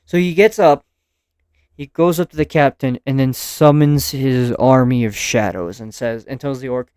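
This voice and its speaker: A man reviewing anime episodes in a casual, excitable way, using slang and casual swearing as he recaps the plot. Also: mid-range voice, moderate pace, clean tone, dry recording, clean studio sound.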